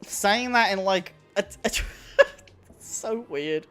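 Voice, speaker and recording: Slow and fairly bright, this medium-pitched voice belongs to a streamer rambling through casual live-stream chat as he plays a game. Laughter comes often, and faint music from the game plays in the background.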